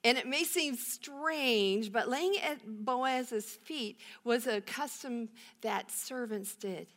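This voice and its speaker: A woman's voice: a little high, slow pace, fairly bright tone. A woman pastor giving a sermon, telling a Bible story with rhetorical questions and emphatic repetition.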